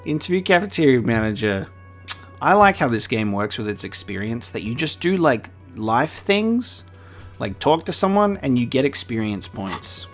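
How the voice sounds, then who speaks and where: A man's voice: medium pitch, very animated, normal speed, faint music behind. A man, joking and reading game dialogue aloud in a let's play. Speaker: gaming streamer.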